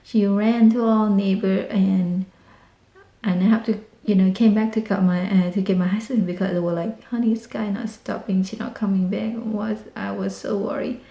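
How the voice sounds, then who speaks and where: Excited woman with mellow voice, roomy. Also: medium pitch, moderate pace, vocal fry. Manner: excited, animated retelling with dramatic exclamations. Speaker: vlogger. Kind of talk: casual storytelling. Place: home in rural Texas.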